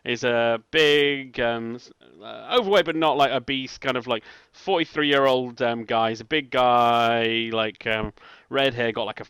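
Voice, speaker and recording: A young man running a tabletop role-playing game as game master. He rambles through his narration with many ums and restarts, in a bright, clear voice with a dry, close sound. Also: mid-range voice, a little slow, no echo. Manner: rambling, full of fillers and restarts.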